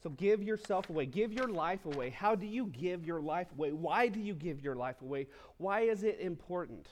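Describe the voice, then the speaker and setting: A man preaches to his congregation, his voice sitting a little high for a man. He teaches through the text in a conversational way, stopping for casual asides and questions to the listeners. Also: expressive, normal speed, slight background noise. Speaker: pastor. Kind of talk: sermon.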